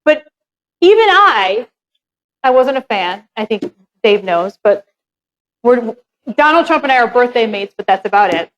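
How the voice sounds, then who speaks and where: Brief: high-pitched woman, real estate seminar presenter, frank and conversational, drops the odd swear word. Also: big pitch swings, measured pace, long pauses, muffled recording. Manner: candid, chatty, swears casually. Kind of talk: live seminar talk.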